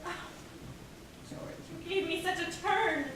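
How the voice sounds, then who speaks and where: A woman's voice: very high voice, unhurried. A woman playing a middle-aged mother who scolds and comforts her nervous grown son, in a stage play. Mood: scolding. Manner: scolding, flustered. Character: firm, flustered middle-aged mother of the groom. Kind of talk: stage acting. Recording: echoey hall, distant mic, noisy.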